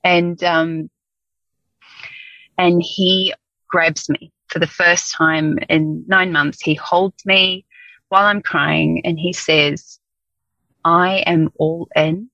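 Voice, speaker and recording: A woman's voice: on the low side, steady tone, takes it slowly, vocal fry, bright, forceful tone, no room sound, lo-fi sound. A woman in her thirties or forties telling a personal story, candid and emotional, hesitating with ums. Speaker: guest.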